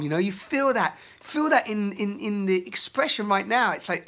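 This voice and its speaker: A man speaks his mind in a confessional vlog. He rambles and swears freely, and now and then he erupts into loud, angry bursts. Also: sits high, sing-song, moderate pace, few pauses. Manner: rambling, emotional, swears often, shouts in bursts. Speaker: vlogger. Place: outdoors in nature.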